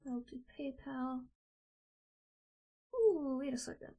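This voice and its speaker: A young woman streams live, venting her frustration aloud with plenty of swearing. Her voice sits high, and she draws her words out slowly. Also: lively intonation, mellow, breathy edge. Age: young adult. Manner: exasperated, swearing, ranting to herself. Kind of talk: casual live-stream chat.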